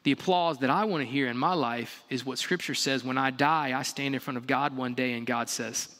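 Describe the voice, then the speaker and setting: A male pastor preaching a sermon in a large church hall, emphatic, full of repeated rhetorical questions, swinging between loud and hushed. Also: mid-range voice, a little fast, a little hiss or hum. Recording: long reverb of a large hall.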